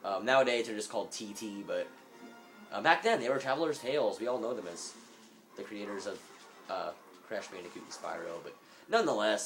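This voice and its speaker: Casual male gamer narrating gameplay, slightly low voice, rambling and joking, phone mic with faint background noise. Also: lively intonation, brisk, fairly bright tone. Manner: rambling, jokey, mock-businesslike. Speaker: let's play gamer. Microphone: phone recording.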